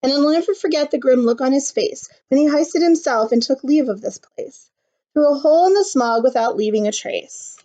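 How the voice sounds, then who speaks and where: A woman reading a rhyming picture book aloud to children, pausing to explain things in simple words. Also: sits high, expressive, mellow. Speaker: storybook reader. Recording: slightly muffled recording.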